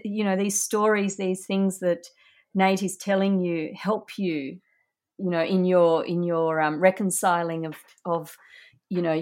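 Woman host asking gentle questions. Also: medium pitch. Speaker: podcast host. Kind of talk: interviewing.

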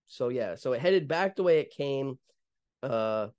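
A man's voice: mid-range voice, lively intonation, unhurried, darkish tone, clear, resonant tone, dry recording. A young man hosting a podcast, retelling an event in a casual, rambling way with many fillers and restarts. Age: young adult. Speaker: podcast host. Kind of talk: casual storytelling monologue.

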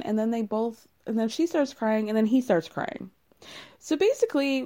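A woman's voice: medium pitch, dark tone. A young woman in casual recap commentary, wry and amused, often breaking into laughter as she talks. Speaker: reality show recapper.

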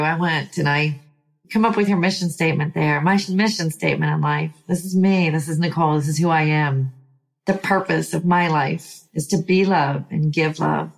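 A woman life coach speaks with a slightly low voice, emphatic and given to sighs. She tells a motivational personal story and breaks into fired-up bursts.

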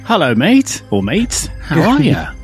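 A man's voice: on the high side, wildly swooping pitch, measured pace, slightly rough, faint music behind. A man as a podcast guest, chatty and easygoing, with some hesitant fillers. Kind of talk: casual chat.

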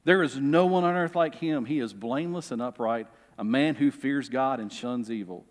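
A man voicing the Lord in a measured way as he reads scripture aloud to a church. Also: medium pitch, in a large hall, close to an everyday voice. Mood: steady.

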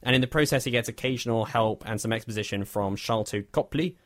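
A man's voice: medium pitch, fast, a bit bright, dry recording, studio quality. A man, casually reviewing a film in a wry, rambling way. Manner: wry, rambling, self-deprecating. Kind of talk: casual chat.

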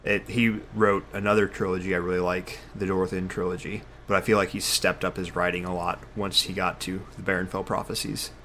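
A man's voice: low-pitched, level tone, fairly quick, hardly any pauses, bright, forceful tone, a little hiss or hum. A man co-hosting a podcast in casual chat, rambling with frequent restarts. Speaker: podcast co-host.

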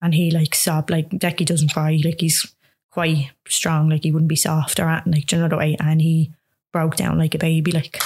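A woman's voice: low-pitched, monotone, normal speed, darkish tone, breathy edge. A young woman telling a personal story in an interview, rambling with many fillers and acting out dialogue.

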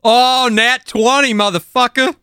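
A man playing a tabletop game, talking in an excitable way, swearing a lot and laughing often. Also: very high voice, measured pace, smooth, no room sound, studio quality. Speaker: player. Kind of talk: casual chat at a tabletop game.

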